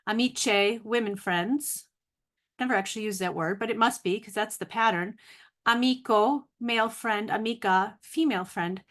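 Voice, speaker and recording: A woman's voice: fairly high pitch, lively intonation, normal speed, fairly bright tone. A woman giving a casual video lesson on vocabulary, sounding out long words carefully and correcting herself as she goes. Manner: thinking aloud, self-correcting, laughs at own slips. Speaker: language teacher.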